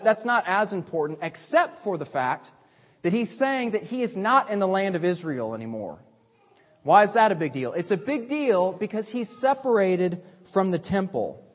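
A man preaching from the pulpit with a high, very lively voice that rises and drops sharply. He swings between urgent emphasis and hushed asides. His voice rings through the long echo of a large church sanctuary. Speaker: pastor. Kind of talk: sermon. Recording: long reverb of a large hall.

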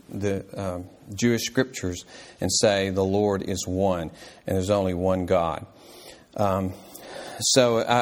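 A man teaching a church Bible class in an earnest, explanatory way, halting often with fillers and restarts. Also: lowish voice.

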